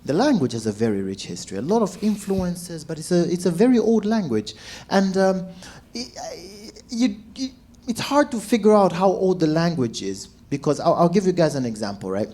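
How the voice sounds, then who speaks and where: A man, a stand-up comedian telling stories to a crowd and acting out shouts and quoted voices. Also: high-pitched, moderate pace. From Zambia. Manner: animated, acts out shouts and quotes. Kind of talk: stand-up storytelling.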